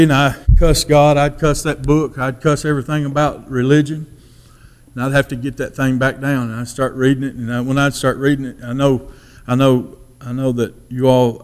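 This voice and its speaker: A man giving his testimony as a sermon, in a folksy storytelling manner that drops to a hush for quoted thoughts. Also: mid-range voice.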